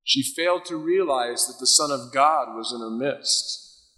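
Bright-voiced preacher in a reverberant hall. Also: male voice, mid-range voice, unhurried. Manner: acts out biblical figures' voices mid-sermon. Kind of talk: sermon.

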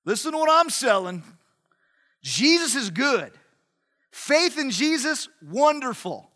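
A man voicing pushy male religious teachers who pitch the law like a sales pitch, recorded with long hall reverb. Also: very animated, slow pace, sharp tone, exaggerated voice. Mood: wheedling pitch.

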